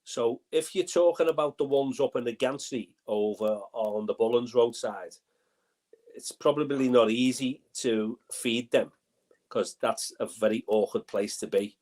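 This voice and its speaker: An older man co-hosting a football fan chat, animated, with pushy asides. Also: medium pitch, a little slow. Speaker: fan channel co-host.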